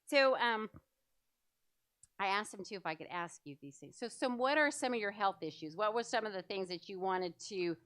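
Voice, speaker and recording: A woman's voice: medium pitch, lively intonation, normal speed, fairly bright tone, clear, resonant tone, no echo. A middle-aged woman presenting a church health seminar, chatty and enthusiastic, with many fillers. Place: church hall.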